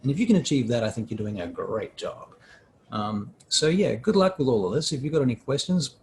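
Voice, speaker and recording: A man's voice: medium pitch, animated, a little fast, a little mellow, slight background noise. A middle-aged man giving a casual, rambling lesson on acting for roleplaying games, often breaking off and restarting his sentences. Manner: rambling, self-interrupting. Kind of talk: casual instructional talk.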